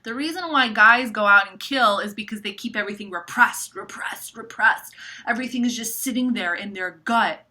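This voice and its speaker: Young woman, bright edgy voice, casual vlogger, animated with frequent cursing. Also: a little high, brisk. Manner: animated, swears, many likes. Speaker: astrology vlogger. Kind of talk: casual monologue to camera.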